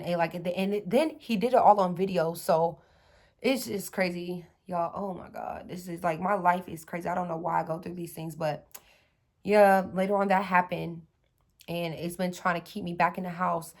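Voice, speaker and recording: A woman in her thirties telling a personal story to her viewers in a casual, chatty way, with many fillers and restarts. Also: on the low side.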